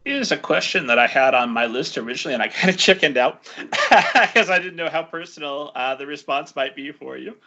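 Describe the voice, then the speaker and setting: Gravelly bright-voiced podcast host. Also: male voice, fairly high pitch, animated, fairly quick. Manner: earnest, chatty questioning. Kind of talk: podcast interview. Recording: dull lo-fi sound.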